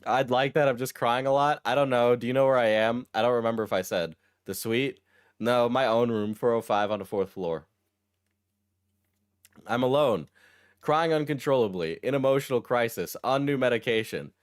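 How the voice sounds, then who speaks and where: Wry man reading aloud with a smooth voice. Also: mid-range voice, moderate pace. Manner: wry, deadpan asides between read passages. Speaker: streamer reacting to a text post. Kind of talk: casual commentary while reading aloud.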